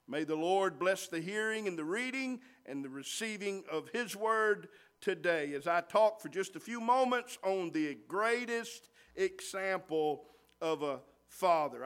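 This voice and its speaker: A man's voice: high-pitched, a bit bright, clean tone. A man preaching a sermon, repeating phrases and asking the congregation "Amen?". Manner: repetitive call-and-response preaching, asking "Amen?".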